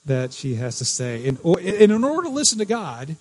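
Male pastor, slightly high pitch, earnest sermon delivery with repeats and restarts. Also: huge pitch swings, normal speed, slightly rough, rough recording. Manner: earnest, repeats key phrases, frequent restarts.

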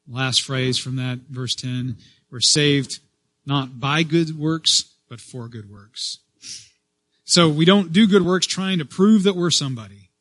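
A male pastor preaching a sermon in a slightly raised voice. He swells loud on key words, then falls soft, often circling back to restart a phrase. The sound is close and dry, with little room echo. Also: fairly high pitch, slow pace. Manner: repeats and restarts phrases as he speaks.

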